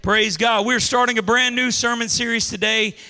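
A male pastor delivers an emphatic sermon in a very high, piercingly bright voice. He calls out to the congregation and has them repeat lines back. His voice rings out with a long reverb through a large church hall. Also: fairly even intonation, normal speed. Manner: emphatic call-and-response preaching.

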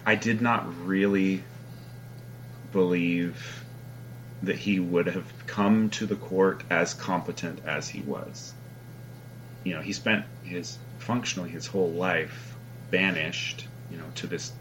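A man giving his thoughts in a casual book discussion, halting and thoughtful, with many fillers. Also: low-pitched, a bit bright, a little hiss or hum, low-quality recording.

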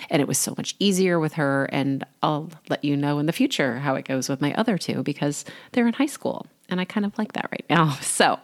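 A woman in her forties hosts a solo podcast, telling a personal story. Her voice sits low for a woman and has a gravelly, frayed edge to it. She talks in a candid, chatty way. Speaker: podcast host and life coach.

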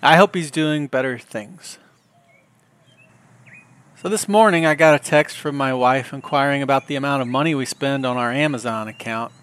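A middle-aged man hosting a podcast, telling comic stories in a wry, deadpan way. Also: medium pitch. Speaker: podcast host. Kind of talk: comedic storytelling monologue.

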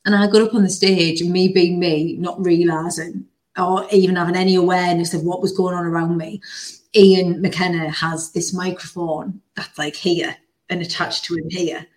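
A woman hosting a podcast, telling a story in an animated, casual way with plenty of "like" and the odd swear word. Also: on the low side, normal speed. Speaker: podcast host. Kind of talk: casual chat.

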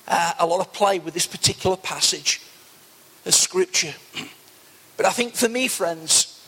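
A man's voice: high-pitched, measured pace, pushed and bright, husky. A man preaching an earnest sermon as pastor, often calling his listeners friends. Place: church hall. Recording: long church reverb.

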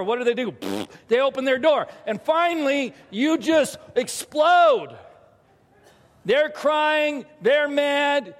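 A man preaching a sermon as pastor, telling a parenting story and acting out the scenes with lively energy. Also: very high voice, takes it slowly. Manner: animated storytelling, acts out scenes. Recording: hall reverb.

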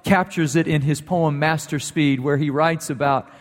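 A man's voice: on the high side, fairly even intonation, moderate pace. Man preaching in a reverberant church. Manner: storytelling, voice rising in emphasis then softening to prayer. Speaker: pastor. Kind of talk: sermon. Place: church sanctuary. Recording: long reverb of a church hall.

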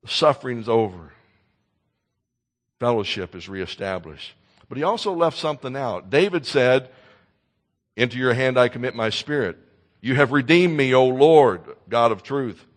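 A man preaching a sermon with an earnest, teaching tone. His voice sits at an ordinary middle pitch, and he moves from loud emphasis down to near-hushed tenderness. He often stumbles into repeated words as he gathers a thought. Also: lively intonation, normal speed, long pauses, long reverb tail. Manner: earnest, swings from loud emphasis to soft intensity; repeats words when starting sentences. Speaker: pastor.

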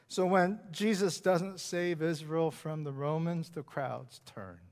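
A man preaching a sermon as pastor, with repetitive, emphatic phrasing that swings from loud emphasis down to hushed whispers. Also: fairly high pitch, takes it slowly, few pauses. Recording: long reverb of a large hall.

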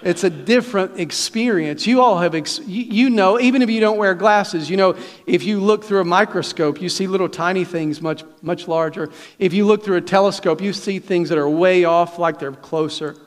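A man's voice: high-pitched, normal speed, big-room sound. A man pastor preaching a sermon in a conversational, folksy way, with restarts and questions to the congregation. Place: church sanctuary.

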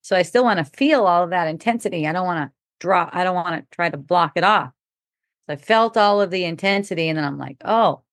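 A woman's voice: fairly low pitch, quick pace, no echo, studio quality. A middle-aged woman telling a personal story in casual talk, laughing often and acting out what people said. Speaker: podcast speaker.

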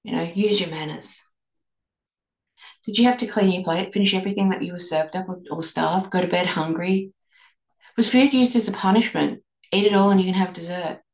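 A woman hosting a reflective podcast, leading listeners through a string of gentle questions. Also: fairly low pitch, moderate pace. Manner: asks many guiding questions, gentle restarts. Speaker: podcast host and eating coach. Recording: echoey room.

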